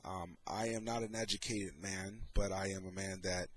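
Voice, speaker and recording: A man's voice: low voice, fairly even intonation, a bit bright. A middle-aged man talking in a casual, sarcastic way as he comments on photos and his own troubles. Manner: sarcastic, slow and deliberate. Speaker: vlogger.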